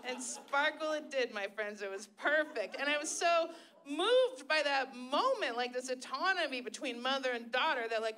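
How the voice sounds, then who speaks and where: A woman doing a profane, sarcastic stand-up comedy set on a live stage, jumping into shrill put-on voices when quoting people. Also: bright, forceful tone.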